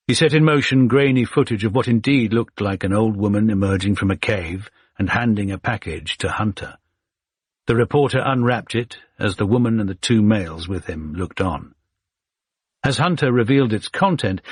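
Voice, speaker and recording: Husky male audiobook narrator. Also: lowish voice, no room sound, clean studio sound. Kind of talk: scripted narration.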